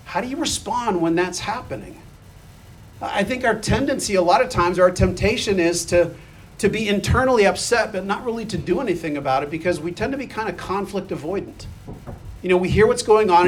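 High-pitched male preacher, conversational sermon, reads and acts out scripture. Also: slight background noise. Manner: conversational, asks the listeners questions; reads scripture aloud and acts out the quoted lines.

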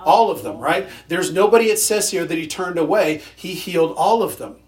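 Man preaching a sermon, higher voice. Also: moderate pace. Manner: conversational with sarcastic humor. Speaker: pastor.

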